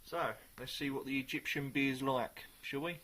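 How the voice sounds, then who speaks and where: A man reviewing a beer in a casual, chatty way, sometimes pausing to search for the right words. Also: medium pitch, fairly even intonation, pushed and bright, a little hiss or hum.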